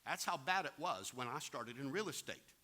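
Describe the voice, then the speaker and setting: A man's voice: medium pitch, lively intonation, normal speed, sharp tone. A plain-spoken man giving a real estate investing seminar, talking directly to the audience and acting out anecdotes. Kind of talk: seminar talk with acted-out anecdotes.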